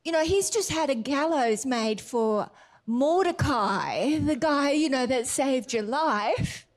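A woman's voice: high voice, lively intonation, takes it slowly. A woman as a chatty, tattling palace servant.

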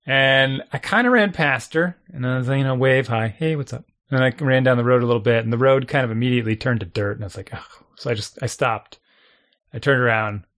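A man casually telling a long story, animated, acting out his own thoughts and chuckling often. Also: mid-range voice, fast talker. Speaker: storyteller guest.

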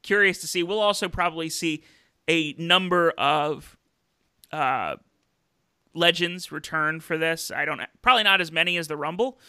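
Host type: bright, crisp male voice with gravelly fry, casual wrestling chat, dry close mic. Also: a little high, moderate pace, dry recording. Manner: chatty, with many fillers and restarts. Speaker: podcast host.

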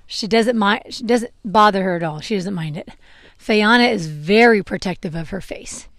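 A horse-owning vlogger in her young adult years chats as she grooms her horse outside, her medium-pitched, slightly bright voice moving at a normal speed. She rambles some and laughs at her own flubs, and her clip-on mic delivers a dry, clean studio sound.

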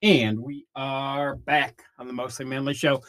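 A man's voice: mid-range voice, little pitch movement, a little slow, a bit bright, dry recording, faint music behind. A man in his fifties from Northern Illinois, hosting a podcast in a casual, meandering monologue with easy swearing. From Northern Illinois, USA. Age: 50s. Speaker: podcast host.

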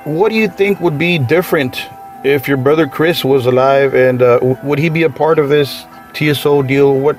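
A man's voice: on the high side, normal speed, over music. Male interview host, eager reactions. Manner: eager, repeats reactions like "wow". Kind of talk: casual interview questions.

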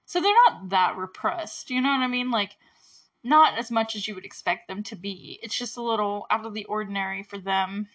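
A woman's voice: mid-range voice, normal speed, fairly bright tone. Chatty, giggly young woman recapping a film. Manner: chatty, giggly, many "like" fillers. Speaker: movie review host. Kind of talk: casual movie recap.

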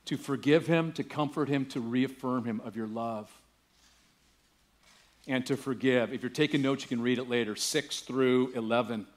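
A man's voice: medium pitch, moderate pace. A male pastor preaching a sermon, telling a story casually and building to emphatic preaching. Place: church.

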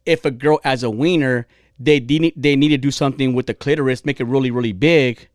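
A man's voice: medium pitch, steady tone, brisk, dry recording, clean studio sound. A man hosting a casual podcast, telling a crude story with lots of joking. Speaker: podcast host.

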